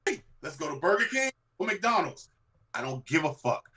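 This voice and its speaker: A man's voice: a little high, very animated, bright, forceful tone. Blunt man in casual podcast chat. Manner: blunt, profane, quick asides. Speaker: podcast co-host.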